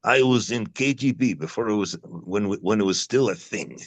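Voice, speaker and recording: A man's voice: lowish voice, normal speed, no room sound, voice pushed up, lightly acted. A man putting on a Russian accent to play a threatening ex-KGB tough, boasting of who he knows. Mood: menacing. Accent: put-on Russian.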